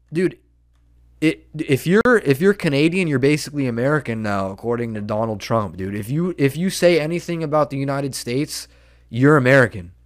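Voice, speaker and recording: A man hosting a solo podcast who rants in a profane, excitable way and keeps saying "dude" and "man". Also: a little high. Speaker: podcast host.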